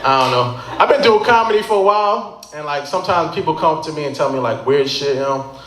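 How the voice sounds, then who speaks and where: A man doing a stand-up comedy set at a brewery bar, telling stories with animated delivery and quick punchlines on a handheld mic. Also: on the high side. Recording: echoey noisy bar room.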